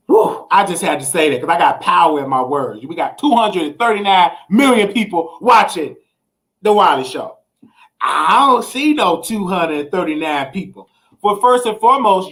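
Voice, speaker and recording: High-voiced animated man host. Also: moderate pace. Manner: animated, preachy exclamations and scatting sounds; relaxed explaining when giving money tips. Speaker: show host. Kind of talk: livestream talk show monologue.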